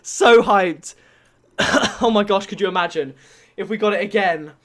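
A young man giving excited commentary as a gaming YouTuber, easily bursting into shouts and laughs. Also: high voice, a little fast. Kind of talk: excited game-opening commentary.

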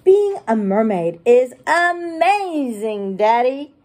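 A woman voicing Peppa Pig, a cheerful little girl pig, in a high, excited, squealing voice while reading a storybook aloud. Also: slow pace. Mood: delighted.

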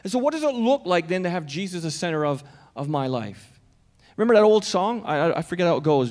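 Male pastor with a high voice, preaching conversationally to his congregation; church hall with a long reverb tail. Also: big pitch swings, fast talker, a little mellow. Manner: conversational, questions the congregation directly. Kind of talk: sermon. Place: church auditorium.

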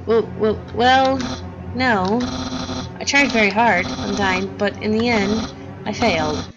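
A woman's voice: medium pitch, slow pace, dull audio, voice pushed up, close to an everyday voice. Woman reading as a flustered skeleton guard. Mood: nervous reporting. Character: boastful lanky male skeleton guard. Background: game music.

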